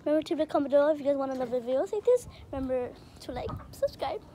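A young woman with a high voice rambles through a casual vlog, filming on a hand-held phone outdoors. She is excitable and chatty. Clucking chickens and birdsong are clearly heard behind her. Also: fast, slight background noise. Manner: rambling, excitable, gets loud when the chickens crowd her. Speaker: vlogger. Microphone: phone camera held in hand.

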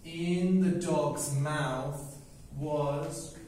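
A male teacher tells an easy story at a very slow pace, with a slightly raised voice. He keeps repeating key words and checking in with his listeners. His voice echoes heavily, heard from away from the mic, over a faint background hum. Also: fairly high pitch, fairly even intonation, a little mellow. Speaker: English teacher. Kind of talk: slow story-telling lesson. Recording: echoey room, mic at a distance.

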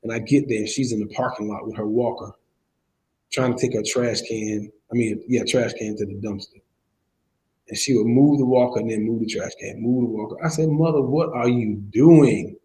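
A man's voice: on the low side, steady tone, brisk, warm tone, a little hiss or hum, rough recording. A man teaching a church Bible study, telling personal stories with feeling and laughing now and then. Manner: emotional, storytelling, laughs while preaching. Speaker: preacher.

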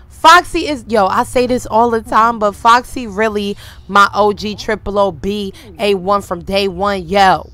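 A woman streamer giving casual, animated, slangy commentary to her viewers while playing a life-simulation game. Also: on the high side, moderate pace, slight background noise. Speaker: gaming streamer.

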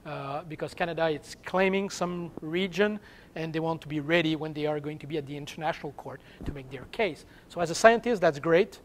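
A man with a French accent, French as his first language, giving an academic seminar lecture and pausing often to search for English words. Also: on the high side, a little hiss or hum. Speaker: guest seminar speaker.

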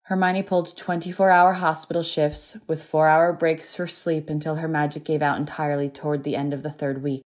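A woman narrating an audiobook with a notably low-pitched voice. Her reading is steady and even, paced for listening.

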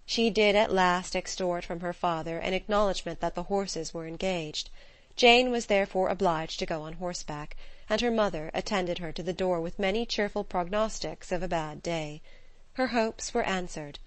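A woman narrating a classic novel in an even, measured reading voice. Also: on the low side, dry recording. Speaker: audiobook narrator. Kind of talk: scripted narration.

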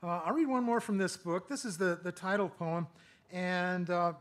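A middle-aged man giving a lecture, reading his own poems in a measured rhythm and breaking off for hesitant asides full of fillers. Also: high-pitched, fairly even intonation. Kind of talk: poetry reading with spoken asides.

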